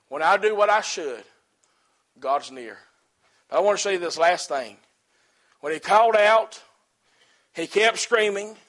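A man preaching a sermon to his church, swinging from loud, rhythmic exhortation to hushed, quiet passages, in plain colloquial speech. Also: on the high side. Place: church service.

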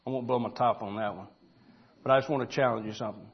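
A pastor, preaching a folksy sermon that builds to loud, emphatic shouting. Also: male voice, medium pitch, steady tone, quick pace, breathy edge, lo-fi sound.

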